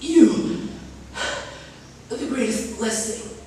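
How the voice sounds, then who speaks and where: A man doing a dying mother, high and faint. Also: slow pace, mellow, slight background noise. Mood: tender, fading. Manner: weak, tender, broken by coughs. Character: dying mother, gentle and breathless. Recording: echoey room, distant mic.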